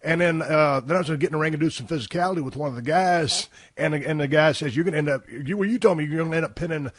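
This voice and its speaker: Husky man telling stories. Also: on the high side, rapid-fire, dry recording. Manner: rough, profane, animated storyteller. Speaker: podcast host. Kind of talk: casual storytelling conversation.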